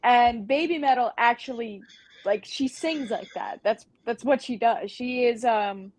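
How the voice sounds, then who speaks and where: A woman talking as a guest on a podcast about her band, chatty and full of ums and likes. Her voice sits fairly high. It is recorded close and dry, with no room around it. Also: a little slow, dry recording. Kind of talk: casual podcast interview.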